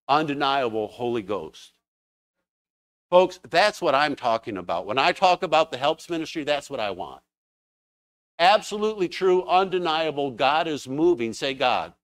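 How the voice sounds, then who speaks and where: A man preaching a sermon in a church, telling stories with fervent, animated exclamations. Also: a little high, measured pace, no echo.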